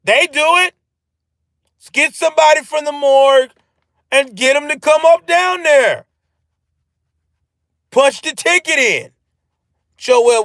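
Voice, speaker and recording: Brief: high-pitched man ranting on a live stream, profane and animated, dry close sound. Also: no echo. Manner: profane, animated, answers chat. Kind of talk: ranting political commentary.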